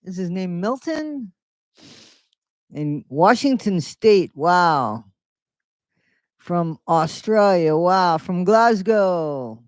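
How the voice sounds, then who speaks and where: A man's voice: high voice, animated, very slow, pauses often, smooth, no echo, clean studio sound. A man hosting a casual morning livestream, greeting viewers by name in a loose, rambling way. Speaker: livestream host.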